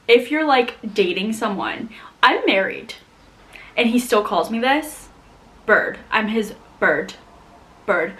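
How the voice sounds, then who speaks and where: A young woman from the United States chatting casually to camera as a vlogger, animated and full of "like". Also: mid-range voice, slow, long pauses, rough recording. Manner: chatty, animated, heavy use of "like". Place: home in Scotland.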